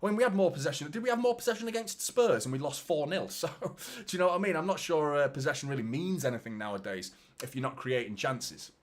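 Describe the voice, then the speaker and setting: A man's voice: on the high side, fast. A man hosting a live football watchalong stream, chatting casually and swearing, talking straight to his viewers and reading out their messages.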